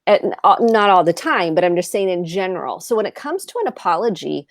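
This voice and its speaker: A woman's voice: fairly low pitch, very animated, brisk, no room sound, clean studio sound. A woman therapist on a video call, explaining earnestly and acting out example phrases as she goes. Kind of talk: video chat advice talk.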